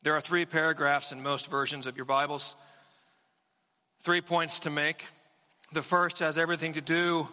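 A man in his forties preaching a sermon, his voice bright and slightly higher than most men's. He builds his points with measured, emphatic repetition. The sound carries a long reverb from the church sanctuary. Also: flat delivery. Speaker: pastor.

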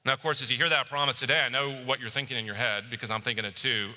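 A male pastor races through his sermon in a medium-pitched, steady voice, telling stories with animation and dropping to a hush for reflective moments. The recording has a big-room sound.

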